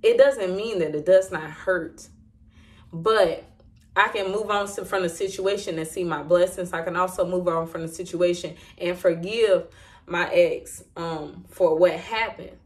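A woman sharing an emotional personal testimony in a candid, halting way, with many fillers and restarts. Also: fairly low pitch. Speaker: Christian vlogger sharing a testimony.

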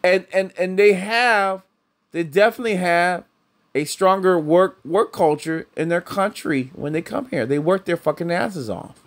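A man's voice: sits high, a little slow. A middle-aged man giving blunt, heated, profane commentary, often repeating himself. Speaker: commentator reacting to clips.

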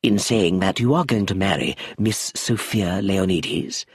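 A man voicing an older family lawyer who is fussy and hurt, speaking slowly and formally. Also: low-pitched, husky, no room sound, clean studio sound. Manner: slow, measured.

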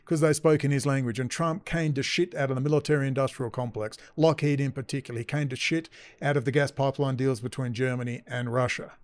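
A man's voice: medium pitch, steady tone, a little fast, few pauses, dry recording. A middle-aged man delivering a profane, sarcastic political rant as a commentator. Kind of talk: ranting video commentary.

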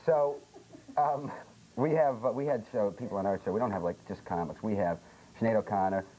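A man's voice: lowish voice, fairly quick, warm tone, a little hiss or hum, poor audio. A young man, a comedian guest on a talk show, brash and sarcastic.

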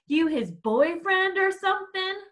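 A woman's voice: very high-pitched, lively intonation, unhurried, a bit bright, pitched above the performer's own voice, exaggerated voice. A woman reading aloud, voicing a mocking teenage boy bully in a storybook. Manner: mocking, jeering.

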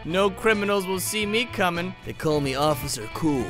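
A man doing a slow, tough-talking frog cop. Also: animated, music in the background. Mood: mock-tough. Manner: slow, low, mock-tough drawl. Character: self-important frog cop on patrol.

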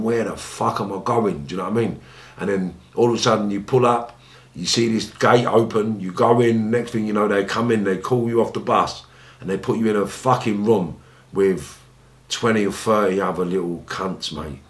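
A man's voice: moderate pace, echoey room. Sweary London man telling war stories. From England. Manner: blunt, sweary, re-enacts scenes in high pleading voices. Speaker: interview guest, former gangster. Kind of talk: candid storytelling interview.

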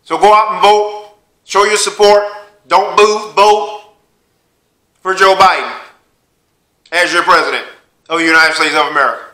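A man voicing a male former president who gives a loud, formal address in an echoey room. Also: high voice, fairly even intonation, unhurried, long pauses. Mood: solemn, rousing.

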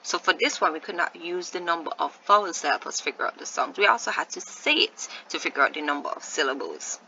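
A woman's voice: on the low side, expressive, quick pace, pushed and bright, highs cut off, slight background noise. A woman teaching a first-grade video lesson, patiently sounding out words syllable by syllable and encouraging her young viewers.

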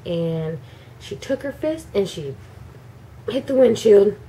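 Mellow-voiced mom telling a story. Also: female voice, medium pitch, takes it slowly. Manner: animated, acts out every character. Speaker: mother telling a bedtime story. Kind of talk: casual storytelling to a child.

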